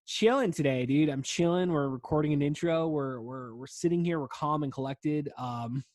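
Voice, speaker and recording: Podcast host in his thirties, slightly higher voice, stoned and loose, swears a lot, dry close sound. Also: moderate pace, a little mellow, no echo. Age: 30s. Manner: laid-back, profane, says "dude" constantly. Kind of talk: rambling casual monologue.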